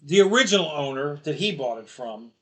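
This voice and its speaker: A man's voice: fairly high pitch, lively intonation, fairly quick, a bit bright. A middle-aged man hosting a live stream, rambling through a casual story and laughing at his own jokes. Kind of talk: casual chat.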